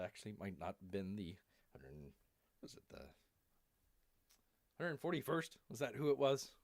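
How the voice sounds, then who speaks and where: A man's voice: medium pitch, fairly bright tone, dry recording, studio quality. A man hosting a live stream who rambles through jokey asides and calls himself Bear in the third person. His voice is wearing out.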